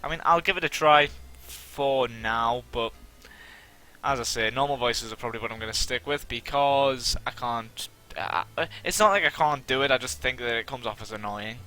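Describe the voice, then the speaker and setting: A man's voice: medium pitch, moderate pace. Rambling, self-mocking young gamer guy. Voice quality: somewhat monotone. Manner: rambling, self-deprecating, many fillers. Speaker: let's-play gamer. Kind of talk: casual gameplay commentary.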